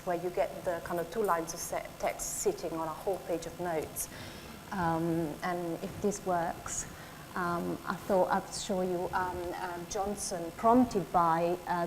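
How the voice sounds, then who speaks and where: A woman interviewing an actor in a public talk, speaking softly and hesitantly with many ums. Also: on the low side. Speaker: interviewer, academic. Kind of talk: stage conversation, lecture-like. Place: lecture hall before an audience. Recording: echoey hall with faint noise.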